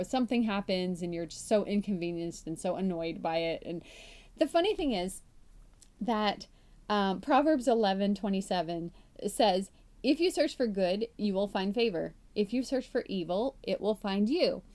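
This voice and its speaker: A woman's voice: medium pitch, mellow. A woman hosting a faith-based podcast, talking casually and chattily to her listeners, poking fun at herself and laughing often. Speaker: podcast host.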